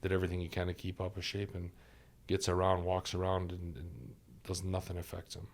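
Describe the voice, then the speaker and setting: Deep-voiced earnest man telling stories. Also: fairly even intonation, brisk, gravelly. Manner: earnest, repeats key phrases for emphasis. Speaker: doctor and podcast guest. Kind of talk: reflective conversational storytelling.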